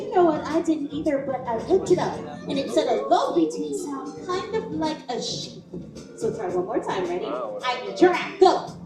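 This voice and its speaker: A woman's voice: extremely high pitch, full character voice. A woman playing an eager, impatient performer who cheerfully coaxes audience members. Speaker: show performer leading the crowd. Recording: roomy, distant stage recording with music.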